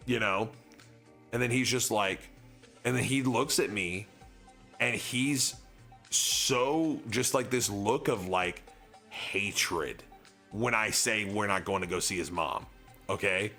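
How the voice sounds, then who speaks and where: Young guy streamer rambling a story, lots of likes, kinda gravelly voice. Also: on the low side, slow pace, pushed and bright, soft background music. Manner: rambling, heavy use of filler words. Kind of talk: casual storytelling.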